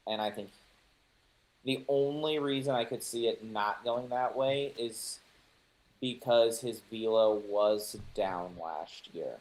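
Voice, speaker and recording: Opinionated low-voiced male podcast host. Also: takes it slowly, low-quality recording. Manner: confident, opinionated, joking. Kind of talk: casual sports chat.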